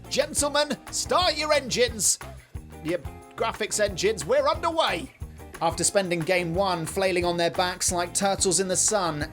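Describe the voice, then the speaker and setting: A man's voice: sits high, fairly bright tone. A man delivering scripted comedy esports commentary with mock hype and absurd asides. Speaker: comic esports caster.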